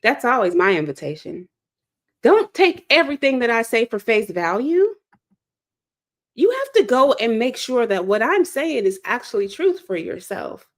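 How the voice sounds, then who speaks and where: With a slightly high, sing-song voice at normal speed, a woman from the South Side of Chicago hosts and speaks, delivering a fervent monologue in an emphatic, sermon-like manner that repeats its key phrases.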